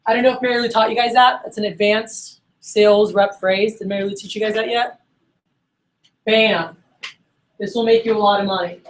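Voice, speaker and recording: A middle-aged woman sales manager giving an energetic sales training workshop and acting out phone conversations. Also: mid-range voice, a little fast, low-quality recording. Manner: energetic, acts out phone dialogues.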